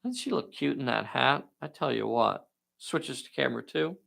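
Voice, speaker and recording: A man's voice: medium pitch, lively intonation, moderate pace, vocal fry, fairly bright tone. A man hosting and narrating a live tabletop game in a folksy, enthusiastic way, talking to viewers. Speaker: game master and host.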